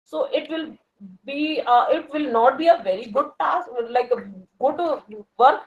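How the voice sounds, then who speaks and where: A woman's voice: high voice, a little slow, dull audio. A woman from India with an Indian English accent, a working professional talking casually and hesitantly, with many fillers and restarts. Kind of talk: casual conversation about learning English.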